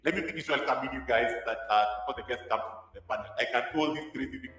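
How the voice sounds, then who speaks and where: A man's voice: medium pitch, quick pace, a bit bright. A man hosting a livestream through a mic effect with reverb, laughing and welcoming viewers by name. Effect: reverb from a voice-changer mic. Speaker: livestream host. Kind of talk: casual livestream chat. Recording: heavy echo, long reverb effect.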